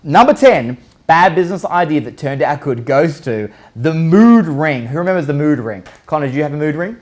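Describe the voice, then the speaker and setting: A man hosting a live online show, counting down a list in an energetic, joking way, firing rhetorical questions at viewers and now and then swearing. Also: on the high side, brisk. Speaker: show host.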